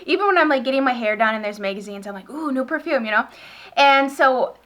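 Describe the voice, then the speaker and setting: Bright-voiced chatty woman beauty vlogger. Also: on the high side, lively intonation, fast. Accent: northern US. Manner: gushing, chatty, rambling with many fillers. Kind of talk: casual chat.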